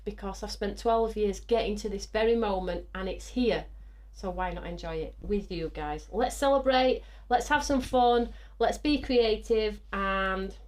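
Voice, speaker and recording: A woman hosting a live craft show, chatting excitedly, whooping and reading out viewer comments. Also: medium pitch. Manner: bubbly and excitable, whooping and laughing.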